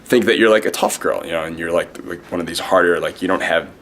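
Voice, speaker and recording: With slight background noise behind him, a young dating coach addresses the camera in a low, fairly bright voice. His advice comes out quick, crude and boastful, heavy on self-promotion.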